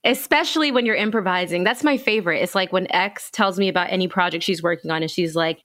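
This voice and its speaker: A woman hosting a podcast interview, talking in an enthusiastic, casual way with quick bursts of speech. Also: fairly low pitch, a bit bright, dry recording. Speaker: podcast host.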